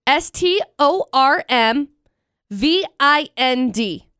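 A young woman co-hosting a radio show in casual banter, upbeat and playful as she runs a quiz and spells words out slowly. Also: high voice, expressive, pushed and bright, no room sound, clean studio sound. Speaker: radio co-host.

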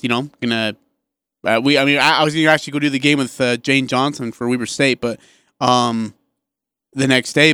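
A man co-hosting a sports radio show, talking excitedly in casual chat with many restarts and asides. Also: mid-range voice, smooth, no echo.

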